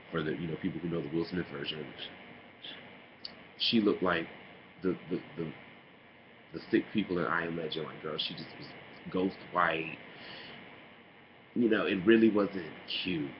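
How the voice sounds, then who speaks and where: A man in a casual opinion vlog, talking in a sassy, animated way and mocking others with put-on impressions. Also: low voice. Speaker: vlogger. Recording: dull lo-fi home recording with noise.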